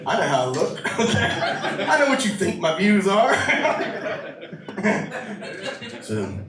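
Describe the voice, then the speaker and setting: A male stand-up comic with a very high voice, loud and rowdy, full of profanity. He is picked up from a distance in an echoey small club, and the crowd's laughter comes up clearly behind him. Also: huge pitch swings, slow pace. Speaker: stand-up comedian. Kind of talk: stand-up comedy set. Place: small listening room with a live audience. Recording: roomy, distant live-room recording with crowd laughter.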